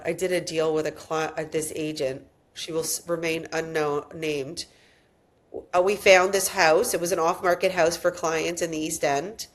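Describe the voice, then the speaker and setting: Woman hosting a podcast, chatty and animated, tells stories and goes off on tangents. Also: fairly low pitch. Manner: animated storyteller, goes off on tangents, acts out quotes. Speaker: realtor and podcast host. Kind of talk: casual podcast chat.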